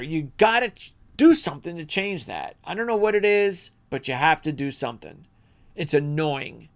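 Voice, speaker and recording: A middle-aged man hosting a motorsports channel, talking in a casual, rambling way with lots of restarts and asides, sometimes heated. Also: high voice. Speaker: motorsports channel host, former radio man. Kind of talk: casual rambling commentary to camera.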